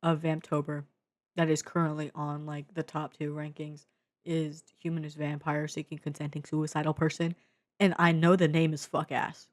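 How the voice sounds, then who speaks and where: A young woman from the Bay Area talks through her favorite films in a low voice, excitable and slangy, swearing freely between a stream of fillers. She speaks straight into her own mic, and the sound is dry and close with no room echo. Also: normal speed. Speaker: vlogger reviewing media. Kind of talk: casual media review. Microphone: own desk mic.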